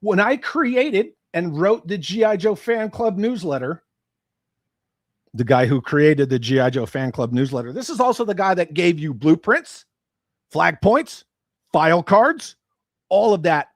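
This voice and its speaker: Profane, animated ranting man. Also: on the high side, a little slow, no echo, studio quality. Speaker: livestream host. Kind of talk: ranting commentary livestream.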